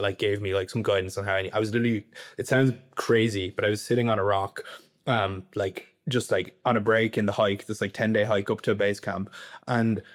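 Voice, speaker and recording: A young Irish man in a casual podcast interview, rambling with lots of "like" and "you know". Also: fairly low pitch. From Ireland. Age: young adult. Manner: rapid, rambling, heavy use of "like" and "you know".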